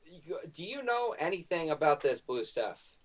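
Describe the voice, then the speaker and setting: A man playing a character in a tabletop role-play, with an insistent, deadpan and sometimes flustered manner. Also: a little high, normal speed. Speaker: player.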